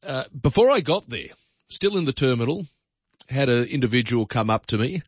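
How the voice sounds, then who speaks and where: A man's voice: mid-range voice, very animated, moderate pace, breathy edge, no room sound. An Australian man hosting a talkback radio show, chatting in a conversational, opinionated way with many fillers. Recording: dull lo-fi radio broadcast.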